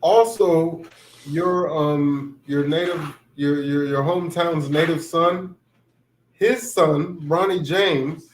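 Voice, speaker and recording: A man's voice: on the high side, slow, echoey room, a little hiss or hum, rough recording. A man co-hosting a podcast, chatting casually and often hesitating while he searches for words. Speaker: podcast co-host. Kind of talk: casual chat.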